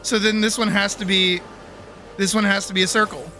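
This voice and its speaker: A man's voice: high-pitched, flat delivery, a little fast, sharp tone, soft background music. A young man streaming a video game, ranting in exasperation, swearing, and breaking into screams and laughter. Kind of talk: live gameplay commentary.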